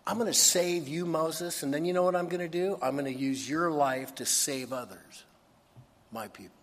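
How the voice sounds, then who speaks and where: A man's voice: medium pitch, measured pace, fairly bright tone, in a large hall. A man voicing God in a sermon, speaking to Moses in an intimate, reassuring way. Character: God, tender reassuring male divine voice.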